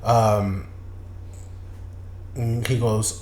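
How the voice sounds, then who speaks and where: A man's voice: medium pitch, moderate pace. Male podcast host, casual profane storyteller, echoey room with faint hiss. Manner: loose, profane, repeats himself.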